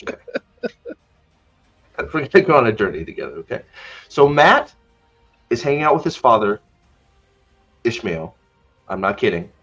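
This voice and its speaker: A man's voice: medium pitch, big pitch swings, normal speed, long pauses, fairly bright tone, husky, muffled recording, soft background music. A man hosting a podcast in a casual, sarcastic rant, stumbling over his words as he mock-retells scenes. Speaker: podcast host.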